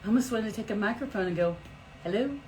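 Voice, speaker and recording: A middle-aged woman hosting a live stream as an energy healer, talking in a chatty, animated way with big swoops in pitch. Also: racing, a little hiss or hum, poor audio. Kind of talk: casual live-stream talk.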